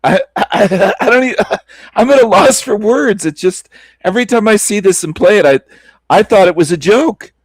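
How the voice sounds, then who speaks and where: Man, mocking reaction commentary, often laughing, dry close mic, high pitch. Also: expressive, moderate pace, breathy edge, no echo. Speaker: stream host reacting to a video clip.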